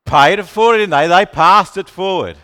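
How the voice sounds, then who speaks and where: A man's voice: high-pitched, normal speed, clean tone. A man preaching a sermon, asking the congregation questions and calling on listeners by name. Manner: animated, asks the room questions, calls on listeners by name. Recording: long reverb of a hall.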